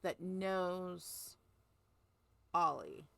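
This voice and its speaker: A woman's voice: fairly low pitch, steady tone, extremely slow, gravelly, bright, forceful tone, dry recording. Woman recapping a book casually. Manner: rambling, filler-heavy plot summary. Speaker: podcast co-host. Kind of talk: casual book-club chat.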